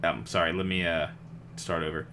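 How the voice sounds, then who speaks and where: A man's voice: low voice, level tone, normal speed, pushed and bright. Rambling young man on a podcast. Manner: rambling, laughs often, many restarts. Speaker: podcast co-host. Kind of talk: casual chat.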